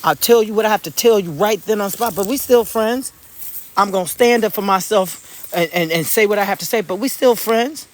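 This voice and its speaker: A vlogger chatting casually on a live stream from an outdoor garden, telling stories bluntly with swearing and excited exclamations. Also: mid-range voice, fairly quick. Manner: animated, blunt storytelling with swearing; excited exclamations while looking at plants. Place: outdoors in a garden among fruit trees.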